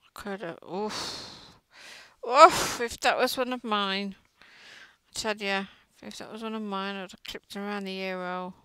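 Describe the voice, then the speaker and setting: A woman's voice: medium pitch, steady tone, moderate pace, a bit bright, smooth, dry recording, rough recording. A middle-aged woman chatting and gossiping while she crochets, often trailing off mid-sentence. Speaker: crochet vlogger. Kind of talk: casual chat while crocheting.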